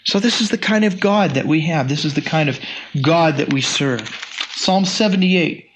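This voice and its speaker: A man's voice: fairly high pitch, normal speed, background noise. A man in his sixties preaching a sermon in a conversational, folksy way, with frequent restarts and asides. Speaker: pastor.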